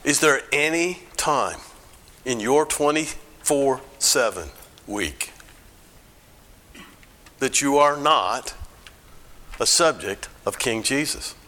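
Middle-aged American man, bright voice, speaking in church, chatty and questioning. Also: mid-range voice, lively intonation, takes it slowly, long pauses. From United States. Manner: conversational, asks the audience questions. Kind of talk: church talk.

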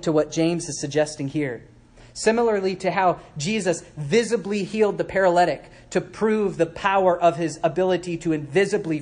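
A man gives a church sermon that teaches through a Bible passage, his voice a little high. He keeps a conversational tone, poses questions to listeners, slips in asides, and acts out quoted speakers.

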